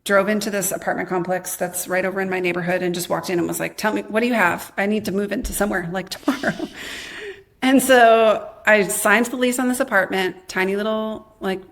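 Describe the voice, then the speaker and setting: A woman in her thirties, a podcast guest candidly telling her own life story, quoting her past self in lively bursts with a lot of "like". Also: mid-range voice, fairly quick, gravelly. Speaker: podcast guest, memoir author.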